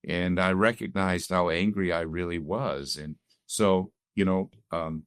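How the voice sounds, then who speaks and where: A man's voice: sits low, measured pace, no echo, clean studio sound. A man sharing a heartfelt personal testimony as a guest in a conversation, telling it earnestly. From Canada. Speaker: guest sharing his story.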